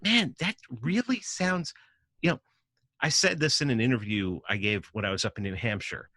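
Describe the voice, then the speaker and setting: Emphatic New man, tense and bright. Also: medium pitch, moderate pace, no room sound. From New York City. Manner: emphatic, profane, acts out quoted voices. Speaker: podcast guest. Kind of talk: casual conversational argument.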